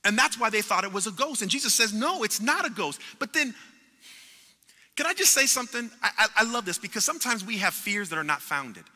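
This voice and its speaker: A man preaching in a church sanctuary, his voice high and bright with a hard edge. He builds with passion, repeats his words and voices the people in his story. The sound carries a long reverb from the hall. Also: very animated, fairly quick. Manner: impassioned preaching with repetitions and acted-out quotes. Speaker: pastor. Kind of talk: sermon.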